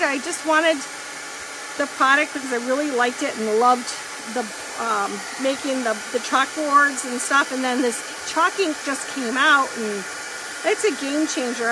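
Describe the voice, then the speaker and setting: A woman's voice: high voice, background noise. A woman giving a chatty live crafting demonstration, walking through each step and greeting viewers as she works. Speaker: craft demonstrator and direct sales consultant.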